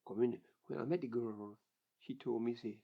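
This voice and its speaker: A man's voice: mid-range voice, steady tone, normal speed, creaky. An older man telling his life story in an interview, plain-spoken and vivid, often repeating words as he goes. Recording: dull lo-fi recording.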